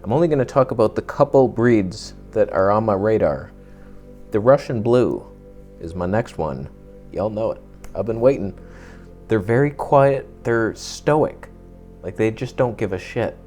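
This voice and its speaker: A man's voice: fairly low pitch, lively intonation, unhurried, warm tone, faint music behind. Rambling jokey young man vlogging. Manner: rambling storyteller, jokey, swears casually. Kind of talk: casual chat to camera.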